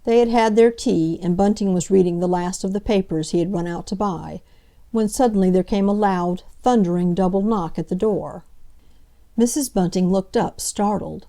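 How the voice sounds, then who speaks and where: With a warm tone and a mid-range voice, a woman performs an audiobook of a classic novel, narrating in a measured, dramatic style.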